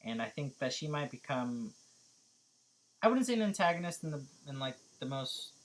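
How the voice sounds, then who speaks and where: A man's voice: medium pitch, big pitch swings, normal speed. A young man with a Californian accent, chatting casually as a vlogger answering viewer questions, hesitant and full of fillers. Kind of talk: casual chat.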